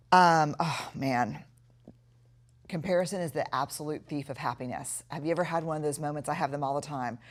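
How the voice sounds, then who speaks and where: A middle-aged woman giving a recorded video lesson, talking earnestly and reflectively, slowing down to stress key words. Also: sits low. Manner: earnest, reflective, with slow emphatic stretches. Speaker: course instructor.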